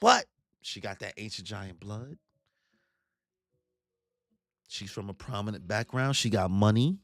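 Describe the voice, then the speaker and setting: Lively, bright-voiced man joking through a reaction. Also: fairly low pitch, normal speed, creaky, no echo, studio quality. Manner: joking, animated, slangy, acts out characters in put-on voices. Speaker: manga reaction streamer. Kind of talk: excited live reaction commentary.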